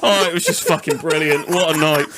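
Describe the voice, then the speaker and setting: A man's voice: on the high side, a little fast, crowd noise. A young man, telling a rowdy, swear-filled story as a podcast host. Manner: sweary, animated anecdote-telling. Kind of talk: casual storytelling chat.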